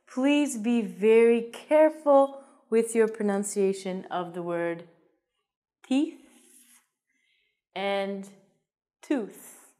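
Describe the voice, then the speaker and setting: A woman's voice: mid-range voice, mellow. A woman teaching an English vocabulary lesson in a playful, jokey way, with theatrical asides.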